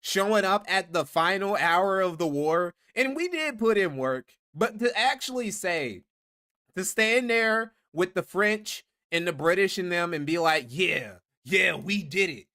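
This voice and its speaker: A man hosting a live stream, talking in an animated, sarcastic rant. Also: sits high, unhurried. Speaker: stream host.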